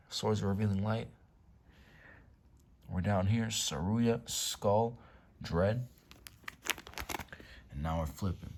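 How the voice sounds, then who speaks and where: A man with a notably deep, low voice hosts a relaxed showcase of his card collection from a room at home. He talks in loose slang, swears casually, and sometimes sinks to a hush while admiring a card. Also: slow pace, pauses often, breathy edge. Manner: laid-back slangy talk, swears, drops to whispers over cards. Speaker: YouTube card-collection host.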